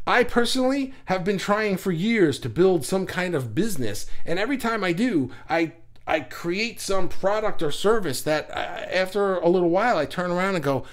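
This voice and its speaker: A man's voice: sits high, expressive, moderate pace. A man giving a casual motivational talk, joking and sarcastic, with many fillers and restarts. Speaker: motivational speaker.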